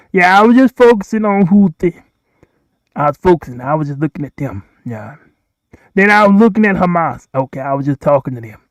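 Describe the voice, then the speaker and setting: High-voiced man, rambling livestream talk. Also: dry recording, lo-fi sound. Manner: repetitive, addresses countries directly, pleading. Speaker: livestream host. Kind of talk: rambling solo livestream monologue.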